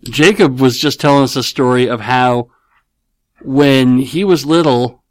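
Rambling middle-aged dad, dry sound. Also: male voice, medium pitch, a little slow, dry recording. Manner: rambling, self-correcting, playful. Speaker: podcast host answering listener questions. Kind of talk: casual chat. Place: at home with his kids nearby.

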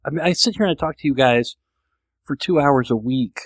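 A man's voice: medium pitch, brisk, no echo. A man hosting a podcast, rambling casually and teasing himself, with many restarts. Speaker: podcast host. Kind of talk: casual monologue.

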